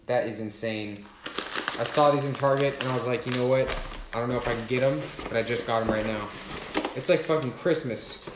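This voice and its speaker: A young man streams himself unboxing gifts, swearing freely and bursting into loud, excited exclamations. His voice rings in an echoey room, with faint clicks in the background. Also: mid-range voice, noisy background. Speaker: YouTube creator livestreaming an unboxing. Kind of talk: excited livestream unboxing chat.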